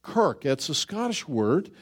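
A man's voice: fairly high pitch, sing-song, a little slow, darkish tone. A man preaching a sermon in a conversational way, often asking the congregation questions and repeating words for emphasis. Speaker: pastor.

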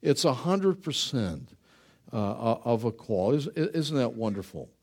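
A man's voice: medium pitch, sing-song, unhurried, a little mellow, breathy edge. A man preaching a sermon in a conversational way, often asking the congregation questions and repeating words for emphasis. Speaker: pastor.

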